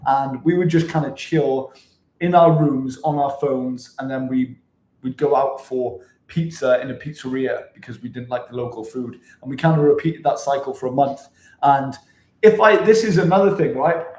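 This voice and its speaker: A man vlogging in casual chat to camera, energetic and chatty, swearing freely, from his apartment. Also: medium pitch, normal speed. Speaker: travel vlogger. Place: apartment room, indoors. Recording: roomy echo in an apartment.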